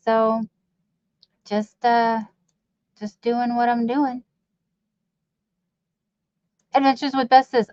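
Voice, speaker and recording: A woman's voice: on the high side, clear, resonant tone, dry recording. A woman hosting a casual live stream, rambling as she reads viewers' chat aloud and teases herself. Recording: dull lo-fi stream audio.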